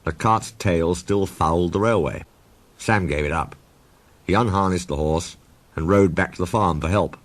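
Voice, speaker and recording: A man narrating a storybook in a measured, expressive reading voice. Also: sits low.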